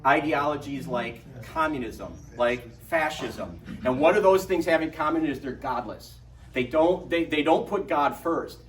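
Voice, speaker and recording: A middle-aged man gives a lively parish talk, joking and telling stories to the room. His voice is a little high for a man and sounds echoey and distant, picked up from across a hall with faint background hiss. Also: unhurried. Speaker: adult formation speaker.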